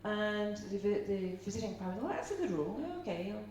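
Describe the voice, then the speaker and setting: With a mid-range, slightly mellow voice and a fast delivery, a middle-aged woman from Ireland chats and tells stories during a live seminar, asking her audience questions. She is distant from the microphone in an echoey room with a faint hum.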